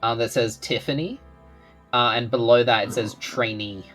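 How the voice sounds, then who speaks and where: An Australian man narrating as game master in a relaxed way, with many ums and uhs. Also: mid-range voice, moderate pace, over loud music.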